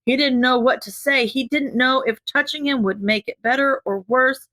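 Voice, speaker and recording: A woman narrating a fan fiction audiobook in a measured, gentle way. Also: high voice, no room sound. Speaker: audiobook reader.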